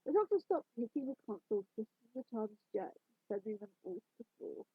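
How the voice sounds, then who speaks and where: A woman's voice: on the high side, sing-song, brisk, slightly rough, no room sound. A woman reading fanfiction aloud in a casual way, adding her own side comments, over a tinny, phone-like recording. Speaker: fanfiction reader.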